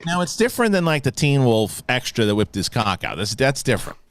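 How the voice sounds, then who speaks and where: A man's voice: medium pitch, very animated, a little fast. A man hosting a live online show, ranting in casual banter with crude jokes. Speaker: host.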